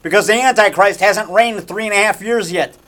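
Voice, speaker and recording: A man's voice: high-pitched, fairly quick, fairly bright tone. A man who makes horror movies, rambling in a casual vlog from a small framing shop, promoting himself and repeating himself like a showman. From Chicago area. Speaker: horror movie maker and actor.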